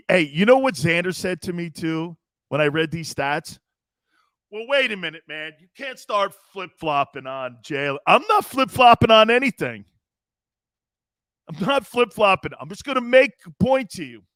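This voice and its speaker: Animated high-voiced sports talk host. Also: male voice, dry recording, clean studio sound. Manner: animated, joking, often laughing. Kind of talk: casual sports radio talk.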